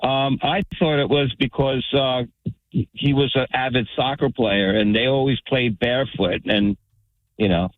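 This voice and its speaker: Rambling New York caller on phone line. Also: male voice, medium pitch, fairly even intonation, a little slow, dry recording. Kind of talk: call-in chat.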